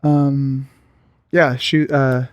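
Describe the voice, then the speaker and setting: A man's voice: medium pitch, little pitch movement, extremely slow, dry recording. A man playing a disgruntled male store manager who keeps repeating himself in exasperation. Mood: exasperated.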